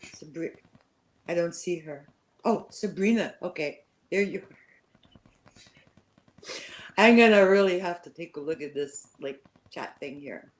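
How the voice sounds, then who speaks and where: Slow, low-voiced hesitant Canadian woman. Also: poor audio. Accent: slight French-Canadian. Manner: hesitant, filler-heavy, nervous and grateful. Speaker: channel host on her first livestream. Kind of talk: casual live-stream chat.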